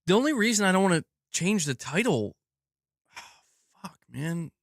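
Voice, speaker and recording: A man's voice: high voice, very animated, a little slow, no echo, clean studio sound. A man ranting on his live stream, exasperated and swearing a lot. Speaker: gaming news streamer.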